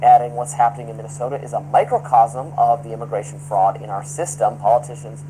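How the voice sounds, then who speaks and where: A man reading a broadcast news report in a measured, formal delivery, played back as a clip. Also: mid-range voice, little pitch movement, dark tone, a little hiss or hum, rough recording.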